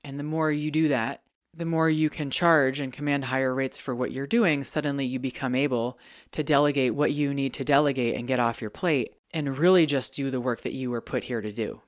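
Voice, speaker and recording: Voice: mid-range voice, steady tone, brisk, no echo, clean studio sound. A podcast host talking alone in a chatty, candid way, laughing often. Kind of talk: solo podcast monologue.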